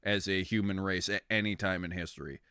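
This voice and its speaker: A young man streaming, chatting casually with viewers in a rambling, excitable way, swearing freely. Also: low voice, fairly quick, clean tone, dry recording, studio quality.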